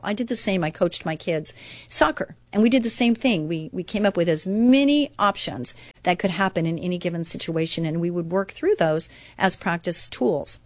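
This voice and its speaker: A woman's voice: mid-range voice, darkish tone. A woman hosts her own Christian inspirational radio show, her voice sitting in a middle register. She talks earnestly and expressively, reading devotional passages aloud and stopping to comment on them. The recording is dry and close, with no room echo.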